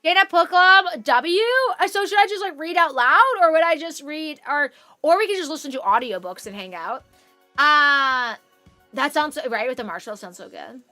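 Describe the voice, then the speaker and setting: A young woman chatting on a live stream from her room at home. She rambles cheerfully and swears often, her voice high and bright. The sound is dry and close, with faint music behind her. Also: expressive, normal speed, no echo. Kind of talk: casual chat on a live stream.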